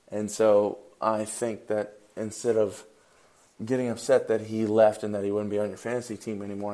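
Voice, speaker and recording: A man's voice: on the low side, a little mellow. A young man hosting a fantasy football show, giving casual solo commentary and thinking aloud with fillers and restarts. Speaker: fantasy football podcast host.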